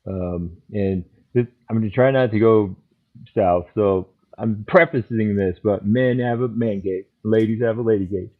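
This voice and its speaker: A man who is a trauma counselor, co-hosting a podcast and speaking in a measured, reflective way with many pauses. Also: lowish voice. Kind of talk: casual podcast chat. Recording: tinny phone-like line.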